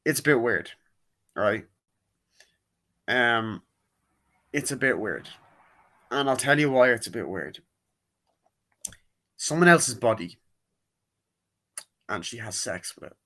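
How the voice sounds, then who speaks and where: A man's voice: mid-range voice, animated, slow, long pauses, sharp tone. A man giving a casual, rambling movie review, full of fillers, jokes and swearing. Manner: rambling, profane and jokey, many fillers.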